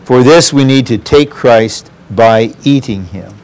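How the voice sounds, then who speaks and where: A man's voice: medium pitch, a little slow, darkish tone. A man preaching a sermon, earnest and addressing the congregation directly.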